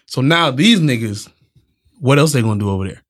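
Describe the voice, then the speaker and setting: A man's voice: mid-range voice, animated, fairly quick. Blunt, joking man in casual chat. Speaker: podcast co-host.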